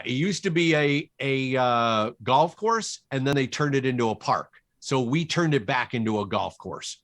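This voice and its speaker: A man, a cinematographer guest in an interview, telling anecdotes from film sets in a relaxed, animated way. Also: medium pitch. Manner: animated, quotes people in his stories.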